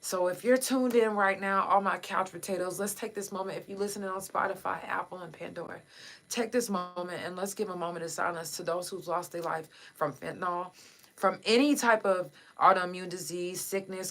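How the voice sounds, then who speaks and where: A woman's voice: lowish voice, fairly even intonation, moderate pace, pushed and bright. A woman hosting a casual livestream podcast who speaks straight to her listeners in an impassioned, blunt and profane way. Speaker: podcast host.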